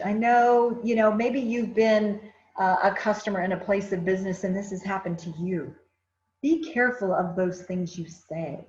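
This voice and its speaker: Female trainer for a workplace customer service session, chatty delivery with fillers, roomy and slightly dull sound. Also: medium pitch. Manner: conversational, repeats phrases, frequent fillers.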